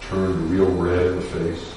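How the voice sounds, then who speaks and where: A man, a defense lawyer, telling a personal story in a measured, somber way with pauses and fillers. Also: deep voice, flat delivery, mellow, far from the mic, a little hiss or hum. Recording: echoey room picked up from afar.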